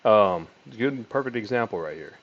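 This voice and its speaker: A man teaching sales call scripts in a casual, conversational way, with deliberate filler words and a voice that swings up and down in inflection. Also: lo-fi sound. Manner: lively inflection, pitch rising and falling. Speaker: sales trainer. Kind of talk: casual teaching monologue with role-played call lines.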